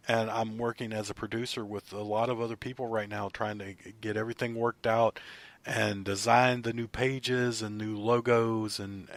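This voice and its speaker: Man, podcast co-host, casual chat, animated storyteller, laughs often, mid pitch, dry close sound. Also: dry recording.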